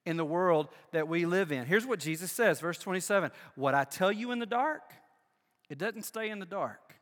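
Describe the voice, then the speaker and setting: An older man preaching a sermon as pastor, swinging between loud emphatic bursts and hushed, low asides. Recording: long hall reverb.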